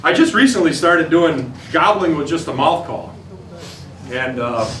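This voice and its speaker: This Upper Midwest American turkey hunting instructor speaks a little slowly, in a slightly high, somewhat bright voice with lively intonation. He leads hunters through a plain, folksy, step-by-step demonstration outdoors. Captured from a distance in a roomy space, the audio has faint ambience and slight background noise.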